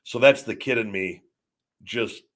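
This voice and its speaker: Rambling man in his forties, low voice. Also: a little slow, fairly bright tone. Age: 40s. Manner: rambling, self-correcting storytelling. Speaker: show host. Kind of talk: casual live-stream chat.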